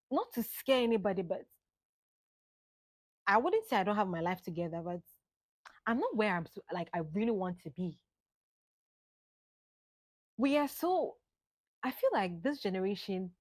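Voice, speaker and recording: A woman, musing aloud in an unhurried reflective monologue. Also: on the low side, darkish tone, dry recording. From Ghana. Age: late 20s. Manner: musing, unhurried, drifts between thoughts. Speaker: vlogger.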